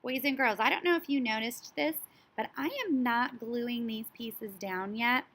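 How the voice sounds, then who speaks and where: A woman teaching a story sequencing lesson to young children, speaking in an animated, child-directed way and now and then imitating animal sounds. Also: fairly high pitch, normal speed.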